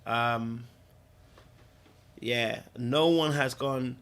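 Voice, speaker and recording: A man's voice: medium pitch, very slow, fairly bright tone, smooth. Guy rambling on a casual stream, slangy, repeats himself a lot. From Britain. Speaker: podcast host. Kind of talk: casual livestream chat.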